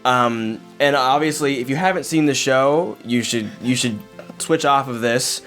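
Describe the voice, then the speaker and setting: A man's voice: mid-range voice, a little slow, a bit bright, faint music behind. Rambling man hosting a casual chat. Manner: rambling, filler-heavy, self-interrupting. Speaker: podcast host.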